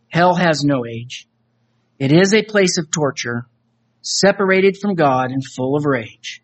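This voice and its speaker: Slow earnest male preacher. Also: a little high, animated. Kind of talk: sermon with recited dramatic poem.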